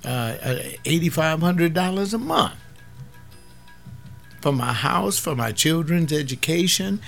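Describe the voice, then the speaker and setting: A man's voice: on the high side, expressive, measured pace, gravelly, fairly bright tone, faint music behind, pitched above the performer's own voice, full character voice. A man playing a whining well-paid pastor who complains about working a secular job, in a mocking tone. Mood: whiny. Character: whining well-paid male pastor defending his income.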